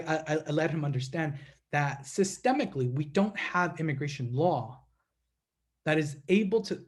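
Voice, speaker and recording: Animated man speaking to a congregation. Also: on the high side. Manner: animated storytelling, addresses the audience as friends. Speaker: guest speaker at a synagogue. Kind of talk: speech to a congregation.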